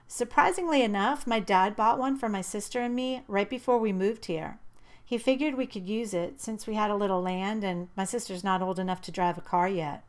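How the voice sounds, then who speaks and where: A woman narrating a first-person audiobook in a lively, expressive way. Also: medium pitch, moderate pace.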